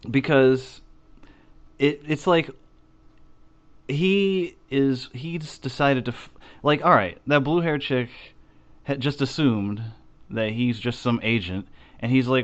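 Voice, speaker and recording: A man co-hosting a casual chat show, rambling through a profane, animated retelling. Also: medium pitch, measured pace, long pauses, muffled recording. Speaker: podcast co-host.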